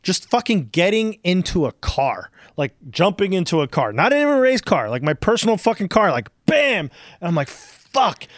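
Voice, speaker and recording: A man's voice: sits high, normal speed, no echo, studio quality. A man in his forties hosting a podcast, telling rambling, profane stories in casual chat. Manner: rambling, profane, animated storytelling. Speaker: podcast host.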